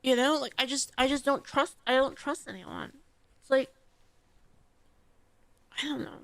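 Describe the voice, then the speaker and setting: A woman's voice: high voice, measured pace, creaky, fairly bright tone, no room sound. A woman streamer rambling emotionally and swearing often during a casual livestream.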